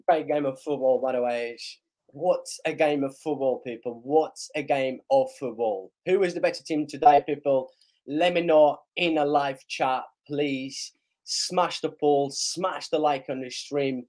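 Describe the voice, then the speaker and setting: A man hosting a live match reaction stream, slightly hoarse, excitable and shouting and chanting at big chances. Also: fairly high pitch. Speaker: live stream host, fan of the team.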